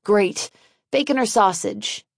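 A woman's voice: medium pitch, takes it slowly, gravelly, dry recording, studio quality. Woman voicing a cheerful stepfather. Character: upbeat middle-aged stepfather, brisk and cheerful.

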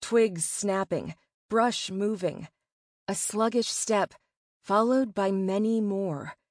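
Slow, dry-voiced woman narrating a novel. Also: mid-range voice, dry recording. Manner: measured and expressive. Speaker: audiobook narrator. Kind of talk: first-person novel narration.

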